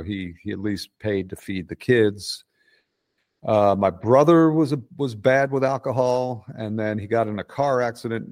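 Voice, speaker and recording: Interview guest: man in his sixties, Philly accent, low voice, dry close sound, blunt and profane. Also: a little mellow, no echo. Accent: Philadelphia. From Delaware County, Pennsylvania. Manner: blunt, rambling storyteller who swears often. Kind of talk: casual profane conversation.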